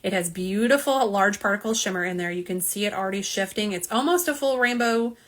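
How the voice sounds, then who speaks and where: Talking fairly quickly in a medium-pitched, fairly bright voice, a woman unboxes nail polish on a live stream. She reads viewer comments out loud, chatty and self-deprecating, filmed on a phone camera, front and back.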